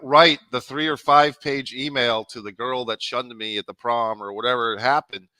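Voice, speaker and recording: A man's voice: medium pitch, steady tone, normal speed, pushed and bright, dry recording, low-quality recording. A man co-hosting a podcast, telling stories about himself with a laugh. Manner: storytelling, self-mocking, laughs often. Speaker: podcast co-host. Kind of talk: casual podcast chat.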